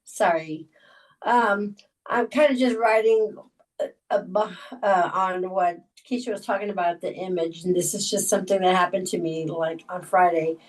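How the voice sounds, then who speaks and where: A middle-aged woman sharing a personal story on a video call, halting and full of fillers and restarts. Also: fairly low pitch, steady tone. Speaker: Bible study group member. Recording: voice sounding distant from the mic.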